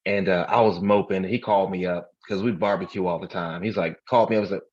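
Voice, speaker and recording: A man with a very low, husky voice co-hosts a podcast and talks in an easygoing way, full of swearing and stories. The recording sounds dull and lo-fi. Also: steady tone, fast. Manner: laid-back, profane storyteller. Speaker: podcast co-host. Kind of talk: casual chat.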